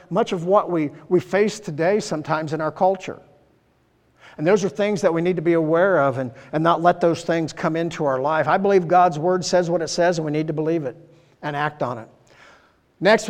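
Male pastor, slightly high voice, earnest off-the-cuff sermon, church hall with long reverb. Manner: earnest, conversational preaching with many fillers.

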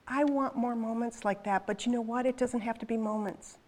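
A woman in her fifties preaching a sermon in a chatty, animated way, full of quick asides to the congregation. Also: on the high side. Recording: long hall reverb.

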